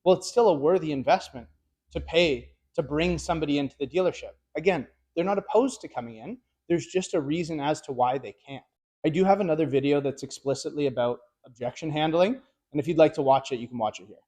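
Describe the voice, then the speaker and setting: A man's voice: on the high side, a little fast, darkish tone. A man in his thirties, a car sales trainer giving a casual, direct instructional talk to camera. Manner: casual, laid-back and direct.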